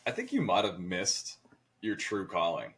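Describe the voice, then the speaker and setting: Low-voiced man chatting casually. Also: huge pitch swings, a little slow, fairly bright tone, a little hiss or hum. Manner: rambling, filler-heavy, lots of "like". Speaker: podcast co-host. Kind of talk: casual chat.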